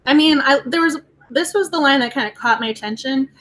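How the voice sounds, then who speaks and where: Woman, book club co-host; high, bright, animated casual talk. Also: brisk. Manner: animated, reads quotes aloud with feeling.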